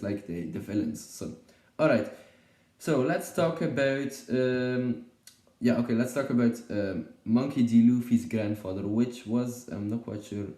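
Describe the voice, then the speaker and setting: Rambling low-voiced man, echoey room. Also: dark tone. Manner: rambling, hesitant, many fillers and restarts. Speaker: YouTube reviewer. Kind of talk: casual unscripted review.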